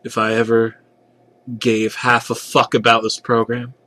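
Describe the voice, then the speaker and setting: A man's voice: medium pitch, completely flat delivery, unhurried, pushed and bright. A young man narrating a parody creepypasta with a sarcastic, profane delivery.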